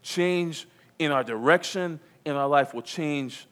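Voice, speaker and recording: A man's voice: a little high, slow, fairly bright tone. A pastor preaching a sermon to his congregation, with emphatic repetition and questions to the room. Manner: emphatic preaching, repeats key phrases, calls to the congregation. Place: church.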